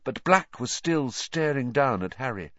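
A man's voice: medium pitch, expressive, a little slow, sharp tone, no room sound, highs cut off. A man narrating an audiobook, reading expressively and voicing the characters.

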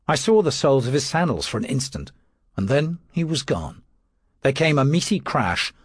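A man reading an audiobook in a dry, wry way, his pitch rising and falling a lot. His voice is husky. It sits close to the mic in a dead-quiet room. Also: dry recording. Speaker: narrator. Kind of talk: audiobook narration.

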